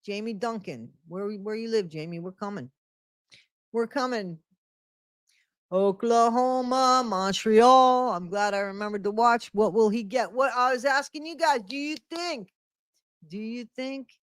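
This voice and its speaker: A woman's voice: medium pitch, measured pace, dry recording, clean studio sound. A middle-aged woman hosting a casual live stream from home, greeting viewers by name and repeating her phrases. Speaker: livestream host.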